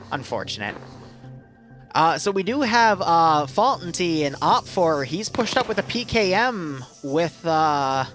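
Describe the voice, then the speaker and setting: High-voiced excitable male game commentator. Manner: fast, excitable play-by-play with many fillers. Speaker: match commentator.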